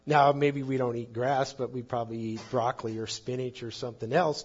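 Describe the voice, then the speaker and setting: Husky-voiced man preaching a sermon. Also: medium pitch, moderate pace, dull audio. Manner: emphatic, rising and falling in volume.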